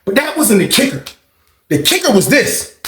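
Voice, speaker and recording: A man hosting a storytime channel, telling a prison story in a profane, excitable way and acting out the fights with sound effects. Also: high voice, normal speed. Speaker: storytime host. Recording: roomy echo.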